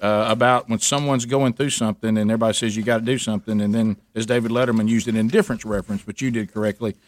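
A man's voice: fairly low pitch, steady tone, racing, no room sound. A man, co-hosting a radio show in casual, jokey chat that rambles with restarts. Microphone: studio microphone.

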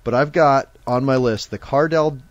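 A man's voice: medium pitch, normal speed, dry recording, highs cut off. Chatty man hosting a live card stream. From Omaha, Nebraska. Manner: chatty, jokey, reads off giveaway lists. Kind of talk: casual live-stream chat.

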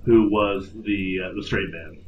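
A man's voice: lowish voice, fairly even intonation, unhurried, darkish tone. Brief: man, mid voice, laid-back rambling podcast co-host, dull sound, faint hiss. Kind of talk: casual chat.

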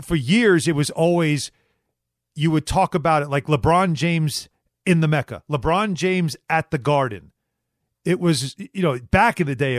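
A sports radio host from New York, a man with a slightly high voice, talking loosely and circling back over his words. The sound is dry and close, with no room around it. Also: dry recording. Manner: conversational, repeats himself while building a point. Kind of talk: casual sports talk.

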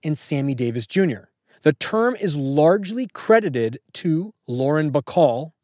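A man hosts a podcast in a relaxed, joking way, sharing trivia with his guest. His voice sits a touch higher than most men's. The mic is close and dry, with no room sound. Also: unhurried, dry recording. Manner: wry, joking, fact-heavy. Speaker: podcast host. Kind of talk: casual podcast chat.

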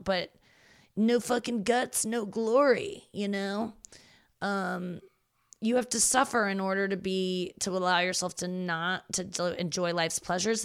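Rambling, lower-voiced woman comic. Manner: rambling, self-deprecating, swears freely. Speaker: comedian and show host. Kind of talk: casual solo monologue.

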